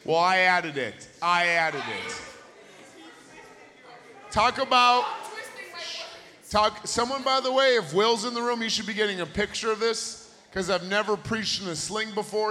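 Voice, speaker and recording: High, bright camp preacher. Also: male voice, unhurried, pauses often. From United States. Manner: animated, swings from shouting to near-hushed asides. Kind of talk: storytelling sermon. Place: camp meeting hall. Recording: long reverb of a large hall.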